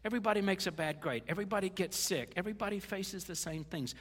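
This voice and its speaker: Older male pastor, high-pitched, folksy conversational sermon delivery, long hall reverb. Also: quick pace, fairly bright tone. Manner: conversational, with stumbles and folksy asides.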